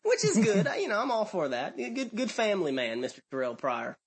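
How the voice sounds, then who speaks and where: A man's voice: sits high, huge pitch swings, a little fast, breathy edge. A man co-hosting a sports podcast, stumbling over his words and repeating himself with chuckles. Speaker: podcast co-host. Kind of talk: casual sports chat.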